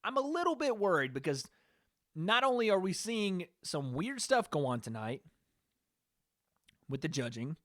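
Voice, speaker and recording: A man with a high voice hosts a live stream, giving casual, rambling reaction commentary. He talks loosely to his chat and swears now and then. The sound is dry and close. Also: moderate pace, pauses often, dry recording. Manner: relaxed, rambling, profane, talking to chat.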